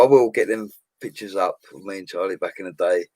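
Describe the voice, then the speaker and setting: His voice is low and darkish, moving a little fast, and the recording is dry. He's a livestream host in a home studio, reading out viewer comments with casual, slangy cheer and lots of laughter.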